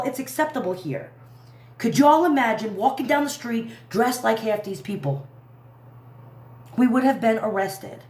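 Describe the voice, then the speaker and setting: A woman's voice: high-pitched, lively intonation, moderate pace, roomy sound. A woman hosting a livestream who rants angrily with heavy swearing and keeps trailing off and restarting. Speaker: livestream host. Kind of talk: angry live commentary.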